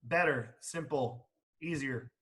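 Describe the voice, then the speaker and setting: A man in insurance sales talking in a casual panel chat, quick and animated, with many restarts. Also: mid-range voice.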